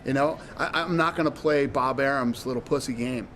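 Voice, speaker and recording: A man's voice: mid-range voice, brisk, fairly bright tone, slight background noise. A middle-aged man ranting bluntly and profanely at a press conference as a sports promoter.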